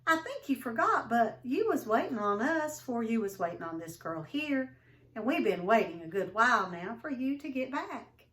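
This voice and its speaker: A spirited young girl who won't back down, her voice climbing high as she protests, put on by a woman reading to her class. The sound is thin and distant, from a mic placed away from the speaker. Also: big pitch swings, moderate pace, a bit bright. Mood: polite insisting. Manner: indignant, pleading, rising in pitch. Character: feisty, outspoken young girl standing up for herself.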